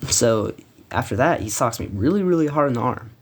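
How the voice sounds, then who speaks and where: A man's voice: medium pitch, lively intonation, a little fast. A teenage boy telling a story from school in a casual, rambling, profane way, with frequent restarts. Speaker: storytime vlogger.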